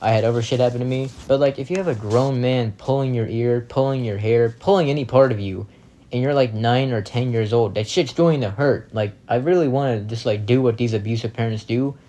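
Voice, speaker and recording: A man's voice: mid-range voice, fairly quick, mellow. A young man giving casual reaction commentary, blunt and indignant, swearing heavily as he rants.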